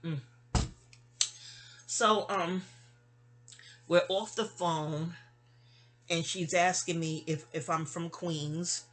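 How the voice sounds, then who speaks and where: A woman in her fifties from New York tells a personal story in a loose, casual way. She wanders into side topics and corrects herself mid-sentence. She voices remembered lines at a higher pitch. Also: steady tone, very slow, long pauses, fairly bright tone. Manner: rambling, with asides and self-corrections; acts out remembered dialogue with raised pitch.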